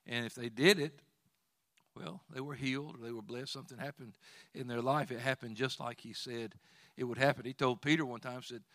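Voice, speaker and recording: A man preaching a sermon as pastor of a church, telling homespun stories and rising to loud exhortation when he leads praise. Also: medium pitch, steady tone, fairly quick, no room sound, clean studio sound. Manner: folksy storytelling with plain asides.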